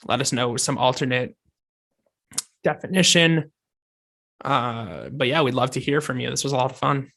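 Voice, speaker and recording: Bright, gravelly male podcast co-host. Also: medium pitch, moderate pace, long pauses. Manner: thoughtful, hedging with fillers. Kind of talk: casual podcast chat.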